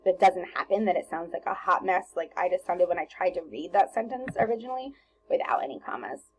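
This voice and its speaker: Teacher lady going over comma rules, low-ish husky voice, lots of ums, laid back. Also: poor audio. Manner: relaxed and chatty, many ums and self-corrections. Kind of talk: recorded grammar lesson over slides.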